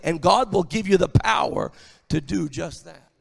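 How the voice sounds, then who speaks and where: A man preaching in a church, his voice pitched high for a man and edged with gravel. He talks emphatically, climbing toward shouts, and a long hall reverb trails his words. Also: lively intonation, moderate pace. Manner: emphatic, building to shouted lines. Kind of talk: sermon.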